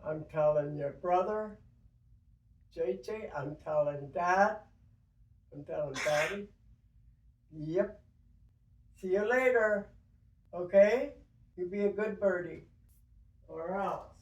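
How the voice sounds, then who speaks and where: A woman's voice: on the low side, slow pace, long pauses, far from the mic, lo-fi sound. An older grandmother teasing a pet parrot in mock-hurt banter. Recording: roomy, from off-mic.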